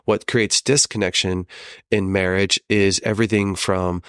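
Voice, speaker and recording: Low-voiced man speaking earnestly. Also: steady tone, a bit bright, smooth, no echo, studio quality. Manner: earnest, measured, acts out quoted voices. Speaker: podcast guest. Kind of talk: reflective conversational interview.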